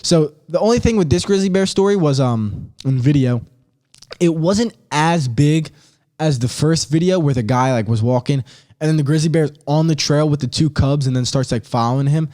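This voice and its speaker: A young man talking on his own podcast in a casual, slangy way, getting worked up as he tells a story. His voice sits a little higher than most men's. He gets excitable and animated as he goes. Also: normal speed. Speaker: podcast host. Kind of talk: casual solo podcast chat.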